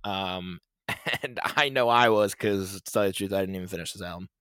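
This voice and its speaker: A man's voice: sits low, fairly quick, fairly bright tone, clean tone, no echo, clean studio sound. A man co-hosting a podcast, chatting casually about new music, rambling with fillers and laughing as he goes. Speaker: podcast co-host. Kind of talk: casual music review chat.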